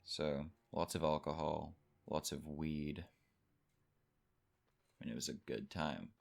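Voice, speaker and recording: A man's voice: very deep voice, takes it slowly, gravelly. A young man in his late teens from Texas, telling a rambling, casual party story over gameplay. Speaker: gaming channel host.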